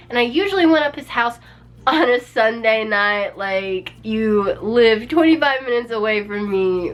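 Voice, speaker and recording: A woman's voice: medium pitch, fairly bright tone. A young woman vlogger telling a personal story in a casual, chatty way, peppered with "like" and small laughs. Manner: chatty, many "like"s and little laughs.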